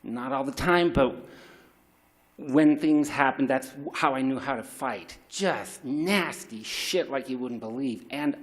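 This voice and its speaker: A man's voice: mid-range voice, slow pace. A middle-aged man telling a raw, confessional personal story at a live story slam, swearing freely and restarting his sentences.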